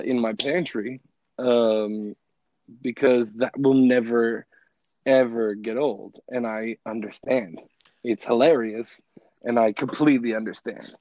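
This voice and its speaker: A man who grew up in Italy talks in an easy, animated way and laughs often. His voice sits at an ordinary middle pitch. The sound is close and dry, with no room echo. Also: dull audio. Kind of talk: casual chat.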